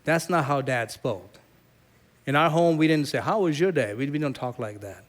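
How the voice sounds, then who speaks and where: A middle-aged man from South Asia preaching a sermon as pastor, telling stories with lively, acted-out quotes. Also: medium pitch, normal speed. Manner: animated storyteller, acts out quoted voices.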